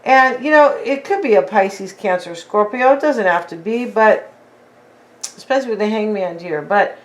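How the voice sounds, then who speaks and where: A woman's voice: medium pitch, moderate pace, rough recording. A woman giving a casual tarot reading in a rambling, chatty way with many fillers and asides. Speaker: tarot reader.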